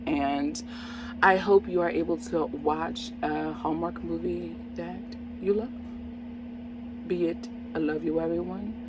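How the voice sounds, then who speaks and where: A woman's voice: fairly low pitch, fairly even intonation, slow pace, background noise. A woman hosting her own movie review channel, talking casually to camera in an exuberant, exclamatory way, laughing often and addressing viewers directly. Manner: chatty, talks straight to viewers.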